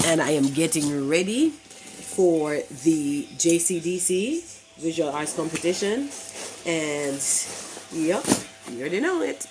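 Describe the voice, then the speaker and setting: A woman with a stuffy, nasal voice from a cold, chatting excitedly and repeating herself as she unboxes in a casual vlog. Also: low voice, background noise. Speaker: crochet vlogger.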